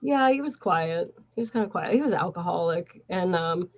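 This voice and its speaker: A woman's voice: on the low side, normal speed. Profane woman telling stories, lo-fi. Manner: profane, animated storytelling. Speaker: podcast host. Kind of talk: casual chat. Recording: dull lo-fi sound.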